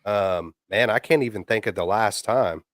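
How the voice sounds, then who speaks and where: A man's voice: lowish voice, moderate pace, no echo, clean studio sound. Rambling man in a sports chat. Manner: rambling, many fillers and restarts, slangy. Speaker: podcast co-host.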